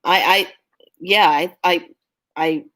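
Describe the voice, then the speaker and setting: A woman's voice: lowish voice, takes it slowly, fairly bright tone. A woman giving a casual spiritual talk, earnest and urging, who often laughs while telling stories. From California. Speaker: spiritual vlogger.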